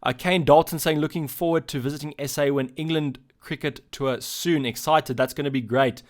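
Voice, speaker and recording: Taking questions from chat during a casual live stream, a South African-accented man reads each message out and answers in a loose, halting style. His pitch is fairly high and his tone stays steady.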